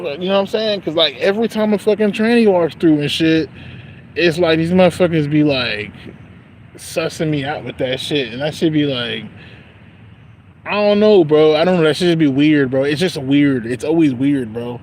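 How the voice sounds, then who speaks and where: A man's voice: on the high side, normal speed, darkish tone, slight background noise. A young man venting in a casual, profane, rambling rant about work, repeating bro and you know what I'm saying, outdoors by a street.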